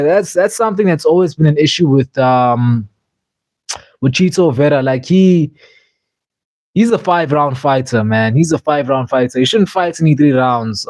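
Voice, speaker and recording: A man chatting casually on a livestream, rambling and restarting his sentences with plenty of fillers. His voice sits a little high for a man. The sound is dry and close, with no room around it. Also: a little mellow, no echo. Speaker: streamer reviewing fights.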